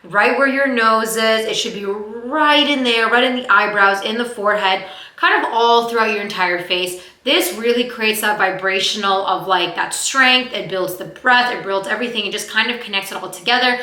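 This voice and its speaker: A young woman who talks fast and chatty as she teaches actors vocal warmup exercises. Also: a little high, reverberant, low-quality recording. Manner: fast-talking, chatty, demonstrates exercises aloud. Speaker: acting coach.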